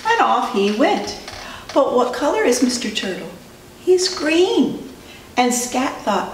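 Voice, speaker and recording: A female preschool teacher telling a story to children in an animated way, asking them questions as she goes. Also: high voice, measured pace. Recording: roomy distant recording, faint noise.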